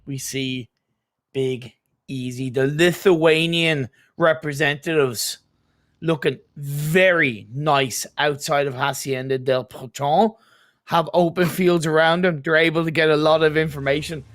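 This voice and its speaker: A man co-casting a live mobile esports match, with energetic, chatty commentary. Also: a little high, unhurried. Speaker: esports caster.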